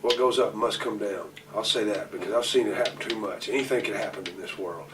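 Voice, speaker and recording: A man's voice: on the low side, brisk. A man in his forties telling rambling, profane stories as a wrestler in an interview. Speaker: pro wrestler interview guest. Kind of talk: shoot interview storytelling. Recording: distant mic, noisy room ambience.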